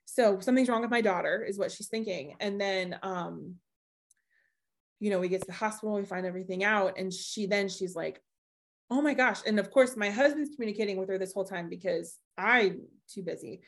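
Young adult woman, podcast guest, lively storyteller who acts out the quotes. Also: mid-range voice, brisk. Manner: animated storyteller acting out quoted voices.

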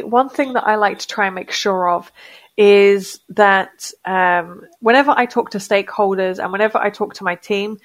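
Woman project manager chatting thoughtfully. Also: mid-range voice. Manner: thoughtful, frequent fillers like "you know". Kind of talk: casual podcast conversation.

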